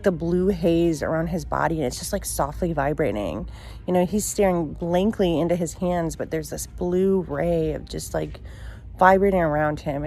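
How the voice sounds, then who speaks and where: Halting, emotional woman telling her story. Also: lowish voice, mellow. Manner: halting, filler-heavy, emotional retelling. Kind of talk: personal storytelling.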